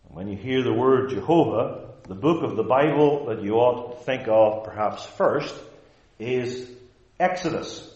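Man preaching a sermon, slow and emphatic, echoey church, kinda muffled audio. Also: mid-range voice, darkish tone. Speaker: pastor.

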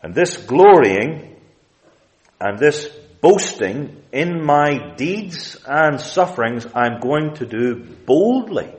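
A man preaching a sermon, expounding scripture with deliberate emphasis and quoting King James wording. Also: fairly high pitch, sing-song, poor audio.

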